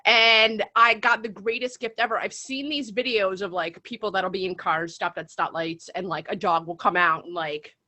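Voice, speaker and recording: Chatty bright-voiced female podcast co-host. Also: mid-range voice, fairly even intonation, moderate pace, hardly any pauses. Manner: chatty, lots of "like" fillers. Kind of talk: casual chat.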